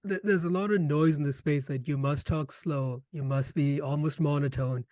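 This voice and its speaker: A man hosting an interview, asking questions in an eager, animated way. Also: a little high, normal speed, dry recording. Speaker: podcast host. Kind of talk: conversational interview.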